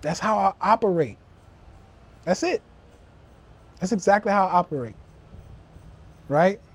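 A man's voice: high voice, animated, unhurried, breathy edge. A young man hosting a live-stream motivational rant, profane and preachy, calling his listeners family. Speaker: podcast host. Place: live social media stream.

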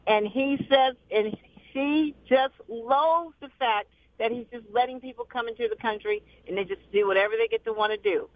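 A woman calls in to radio, chatty and indignant. Her voice sits high. It comes down a narrow, tinny phone line with a dry sound. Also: normal speed, no room sound. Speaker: caller. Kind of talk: call-in radio chat.

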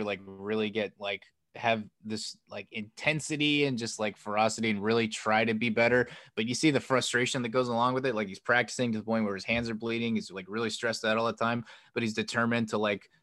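With a fairly low but fairly bright voice, a man co-hosting a podcast walks through a film's story in a relaxed, wandering way, filling it with "like" and "um." He delivers quoted lines in a lifted voice, and there's no room sound.

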